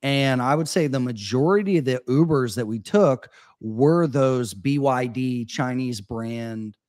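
Casual co-host, male, relaxed storyteller, mid-pitched, dry close mic. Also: a little slow, dry recording. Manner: laid-back, storytelling with lots of "like" and "man". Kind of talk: casual chat. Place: Austin.

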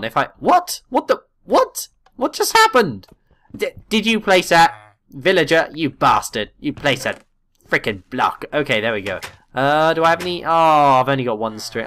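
Excitable guy narrating gameplay. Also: fairly high pitch, moderate pace. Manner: excitable, swears, exclaims and laughs often. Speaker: let's play gamer. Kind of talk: gameplay commentary.

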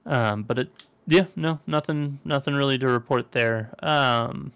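A man in casual podcast chat, giving wry, offhand remarks and the odd casual swear. His voice sits at a middle pitch, recorded dry and close with no room around it. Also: measured pace, vocal fry, a bit bright, clear, resonant tone, dry recording. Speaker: podcast co-host.

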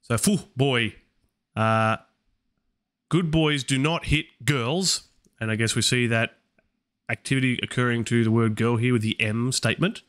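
Streaming a live Latin study session, this man translates aloud and keeps questioning his own choices. He talks a little slowly and pauses often, in a steady, slightly bright, medium-pitched voice.

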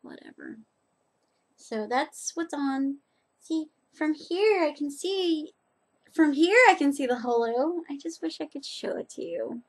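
A woman's voice: sits high, lively intonation, a little slow. A woman chatting casually in a rambling, self-deprecating way as she reviews nail polish on her vlog.

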